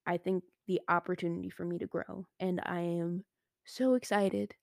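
Teenage girl, solo podcast host, chatty, excitable, close dry mic. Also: on the low side, moderate pace, creaky, no echo. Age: teens. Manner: chatty and excitable, heavy use of "like" and "I was like". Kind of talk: casual solo podcast monologue.

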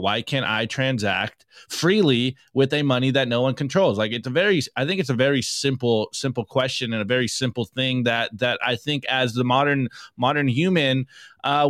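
A man co-hosts a podcast in a casual opinion chat, speaking emphatically with an indignant edge and often restarting his sentences. His voice is medium-pitched and fairly bright, captured as clean studio sound with no room noise.

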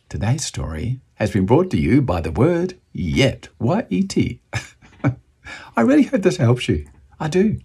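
A man's voice: medium pitch, gravelly, darkish tone, slightly rough. A man from New Zealand with a New Zealand accent, hosting a motivational video and talking enthusiastically to camera, at times bantering with himself.

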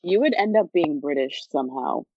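Young woman, laid-back joking co-host, lowish voice, dry dull lo-fi sound. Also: expressive, a little fast, no room sound. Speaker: podcast co-host. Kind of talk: casual chat.

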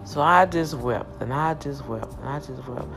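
A woman's voice: rumbling low, moderate pace, music in the background. A woman sharing an emotional personal testimony, with impassioned, emphatic, repetitive storytelling.

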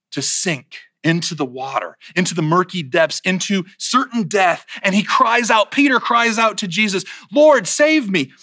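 A man's voice: a little high, bright, forceful tone, no room sound, clean studio sound. A man preaching a sermon in a conversational way, checking in with his listeners as he retells stories.

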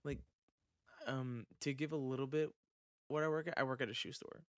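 Man, podcast host, mid pitch, loose rambling talk, swears freely, very dry close sound. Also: steady tone, normal speed, smooth, no room sound. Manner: rambling, swears, trails off into fillers. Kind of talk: casual chat.

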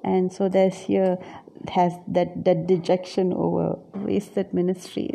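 A woman's voice: on the low side, little pitch movement, takes it slowly, creaky, warm tone. A woman preaching a reflective sermon on scripture, musing aloud and often searching for her words.

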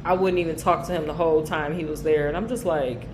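A woman's voice: low-pitched, fast talker, noisy background. Blunt young woman in an echoey room. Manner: blunt, animated, laughs loudly, swears freely. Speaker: podcast co-host. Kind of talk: casual chat.

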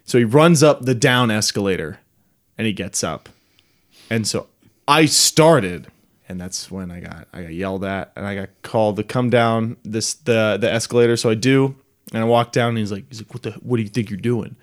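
A man co-hosting a podcast, chatting casually and telling an animated story with frequent laughs. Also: on the low side, normal speed. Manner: animated storyteller, laughs often, mimics voices. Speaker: podcast co-host. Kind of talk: casual chat.

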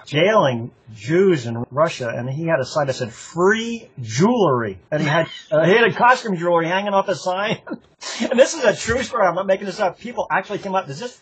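His voice is high and slightly rough, and he talks at a quick pace. The older man, a longtime running club member, laughs often as he tells loose, profane stories from his club days during a casual interview.

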